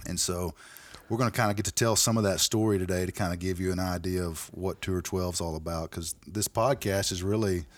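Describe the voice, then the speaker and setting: Folksy low-voiced podcast host. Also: male voice, steady tone, fairly quick, no room sound. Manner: rambling with restarts, folksy. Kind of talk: casual chat. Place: makeshift podcast studio.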